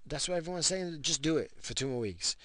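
A man's voice: a little high, animated, fairly quick, a bit bright, no echo. A man in his thirties giving a profane, rambling late-night rant after drinking, talking about his wife and kids. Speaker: vlogger ranting to camera.

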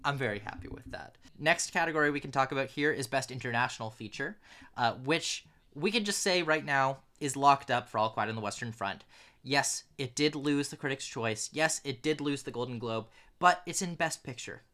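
A man's voice: medium pitch, fairly quick, sharp tone. A man co-hosting a film awards podcast in casual chat, emphatic and repeating his points for stress. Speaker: podcast co-host.

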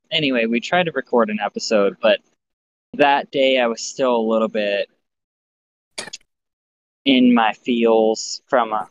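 A man co-hosting a podcast, chatting casually and swearing, animated. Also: creaky. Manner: animated, swearing, mimics others in a higher voice. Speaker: podcast co-host. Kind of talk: casual chat. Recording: dull lo-fi sound with faint noise.

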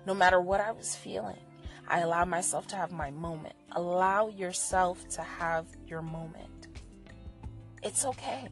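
A woman giving candid, profane encouragement about living with anxiety, moving between soft, gentle reassurance and loud, animated venting. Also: lowish voice, unhurried, soft background music. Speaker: vlogger sharing anxiety coping advice. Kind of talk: candid motivational monologue.

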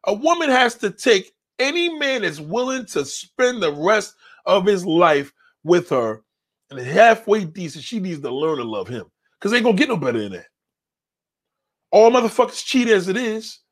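A man's voice: high-pitched, very animated, moderate pace, fairly bright tone. A man hosting a show, reading viewer comments and answering them in a blunt, confrontational rant full of swearing. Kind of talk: profane ranting commentary.

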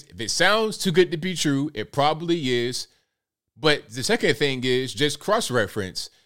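Smooth-voiced male live commentary host. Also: mid-range voice, bright, forceful tone. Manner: casual, direct, repeats points for emphasis. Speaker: host of a political commentary show.

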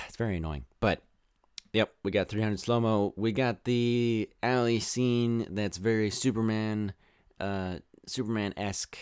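Rambling low-voiced man reviewing a film. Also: a little slow, clear, resonant tone, no echo, clean studio sound. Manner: rambling, exasperated, animated rants. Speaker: podcast host reviewing a film. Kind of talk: casual spoilery film review.

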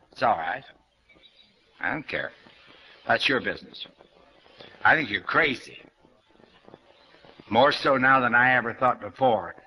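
The audio is dull as an older man, a New Thought lecturer, delivers a spiritual lecture in a medium-pitched voice. Blunt and questioning, he speaks directly to the audience.

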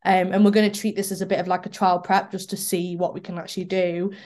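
A woman's voice: fairly low pitch, flat delivery, fast, darkish tone. Casual woman coach. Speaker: fitness coach. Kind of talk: casual chat.

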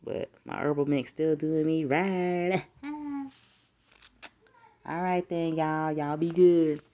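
Deep-voiced woman in a laughing casual chat. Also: animated, slow pace, dark tone. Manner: profane, laughing, rambling. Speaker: podcast host. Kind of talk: casual solo podcast chat.

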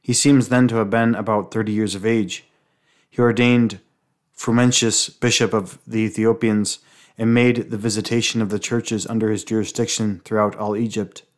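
A man reading aloud from a book on the life of a saint, steady and measured, with small slips and restarts. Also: fairly low pitch. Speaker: reader.

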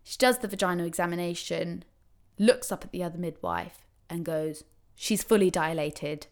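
A young woman casually telling a personal story, animated and acting out what people said. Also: normal speed. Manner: animated, acts out quotes with big pitch swings. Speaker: new mother telling her birth story.

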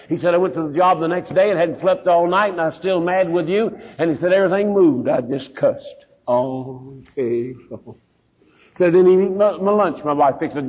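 A pastor with a Southern US accent, telling a story in a sermon and acting out the voices of the people in it, heard on a dull lo-fi recording. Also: male voice, sits high, slightly rough. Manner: folksy preacher, acts out quoted voices.

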